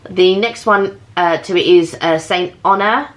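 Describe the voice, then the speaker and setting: A woman co-hosting a food vlog in a casual, chatty way, talking through each pastry as she goes. Her voice sits a little low for a woman. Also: unhurried. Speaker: vlog co-host. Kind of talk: casual chat.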